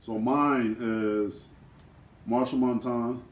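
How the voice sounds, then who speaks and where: A man in casual chat, talking reflectively and pausing to search for words. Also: mid-range voice, fairly even intonation, reverberant, distant mic, a little hiss or hum, rough recording. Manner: reflective, searching for words with many "you know"s. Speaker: vlogger twin.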